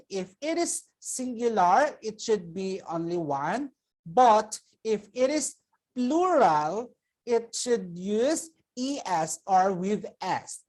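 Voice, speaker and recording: A woman teacher with a Filipino accent and a medium-pitched, darkish voice gives a children's vocabulary lesson. She speaks slowly and patiently, repeating each word so pupils can say it back.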